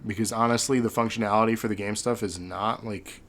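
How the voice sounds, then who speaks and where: Low-voiced man in rambling podcast chat. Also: fairly even intonation, brisk, fairly bright tone. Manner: rambling, sentimental, frequent fillers. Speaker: podcast host.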